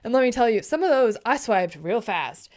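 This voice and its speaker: A woman's voice: on the high side, sing-song, normal speed. A young woman vlogging in a casual late-night chat, telling a story in a chatty, indignant, slangy way and keeping her voice down. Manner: keeps her voice down.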